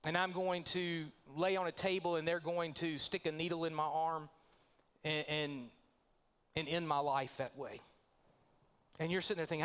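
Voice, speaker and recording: A man's voice: fairly high pitch, steady tone, normal speed, pauses often, fairly bright tone, smooth. Man preaching with storytelling voices. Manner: storytelling, acting out quoted voices. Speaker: pastor. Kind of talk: sermon. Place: church sanctuary.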